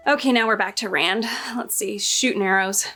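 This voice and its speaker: A woman's voice: mid-range voice, normal speed, over music. A woman casually reviewing a show against the book, sarcastic and exasperated as she reacts.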